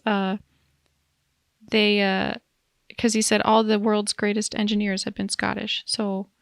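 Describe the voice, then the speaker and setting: A woman's voice: medium pitch, flat delivery, measured pace, vocal fry, no echo, clean studio sound. A woman co-hosting a podcast in casual chat, rambling with asides and giggling often. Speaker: podcast co-host.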